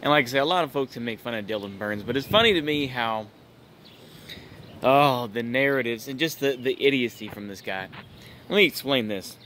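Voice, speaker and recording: A man's voice: mid-range voice, moderate pace, fairly bright tone, a little hiss or hum. Dude ranting on his channel, mid voice, keeps going "bruh" and "it's just like", kinda fed up. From United States. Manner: exasperated, incredulous, lots of filler like "it's just like" and "bruh". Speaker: channel host, political commentator. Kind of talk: ranting vlog commentary.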